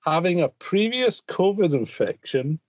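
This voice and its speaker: A man's voice: sits high, big pitch swings, a little slow, no room sound, highs cut off. A man co-hosting a casual podcast chat, blunt and teasing, swearing often. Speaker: podcast co-host.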